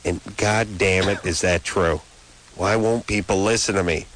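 A man's voice: sits low, steady tone, measured pace, fairly bright tone, low-quality recording. A man in his thirties hosting a late-night radio call-in show, ranting in long, opinionated riffs. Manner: rambling, opinionated rants. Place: radio studio. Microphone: studio microphone.

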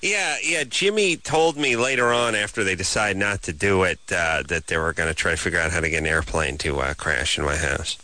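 A middle-aged man co-hosting a radio show, talking in a wry, deadpan, rambling way with lots of fillers. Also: low voice, a little fast, few pauses. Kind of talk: casual late-night radio banter.

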